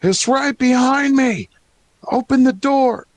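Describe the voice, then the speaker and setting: A terrified little gnome crewman, as a man puts him on, shrieking in a high, thin voice well above a normal man's range. He yells in frantic bursts, close and dry with no room sound. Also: slow pace, no echo. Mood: panicked. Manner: shrill, frantic shouting.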